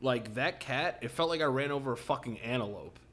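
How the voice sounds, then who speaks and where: Mid-range and fairly bright, this young man's voice has lively intonation and moves a little fast. Co-hosting a podcast, he keeps the casual chat going with loose, jokey, profane banter.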